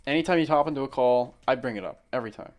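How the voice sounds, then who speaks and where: A man's voice: medium pitch, very fast. Young guy rambling thru a dirty story while drawing, lots of restarts, faint music behind. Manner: rambling storyteller, crude humor, frequent restarts. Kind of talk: casual chat while drawing.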